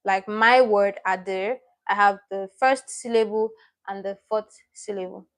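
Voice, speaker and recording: A woman's voice: medium pitch, steady tone, unhurried. A woman teaching a live online lesson in a chatty way, often repeating herself and correcting her own slips as she reads out viewers' names and comments.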